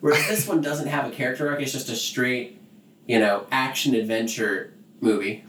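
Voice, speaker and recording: A man's voice: medium pitch, moderate pace, echoey room, background noise. A man co-hosting a podcast, casually recapping a movie plot with lots of fillers and laughs. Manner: rambling, filler-heavy storytelling with laughs. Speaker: podcast co-host.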